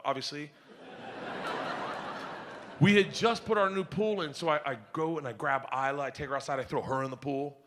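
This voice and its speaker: A middle-aged man performing stand-up comedy on stage, telling loud, rowdy stories and shouting his punchlines. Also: on the high side, background noise. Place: comedy stage before a live audience.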